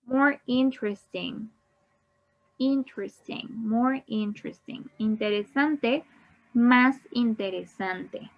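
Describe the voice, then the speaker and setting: Very slow, patient woman teacher. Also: a little high, lo-fi sound. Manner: repeats each word, then gives the Spanish. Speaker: English teacher. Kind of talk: slow bilingual grammar lesson.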